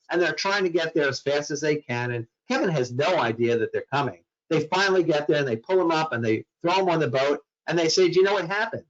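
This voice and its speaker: A man's voice: fairly high pitch, highs cut off. A man giving a talk on mental health to workplace staff, telling a story dramatically and acting out the voices in it.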